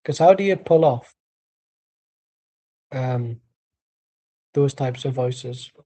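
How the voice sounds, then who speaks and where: A man streams a live football watchalong, offering dry, rambling chat and calling out plays as casual match commentary. His voice is medium in pitch with a dark tone, and he speaks at a slow pace.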